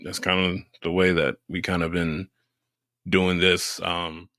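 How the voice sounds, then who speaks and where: A man's voice: low-pitched, level tone, measured pace, fairly bright tone, no room sound. A man co-hosting a podcast in casual chat, laid-back, swearing freely and laughing often, on a close dry mic. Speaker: podcast co-host.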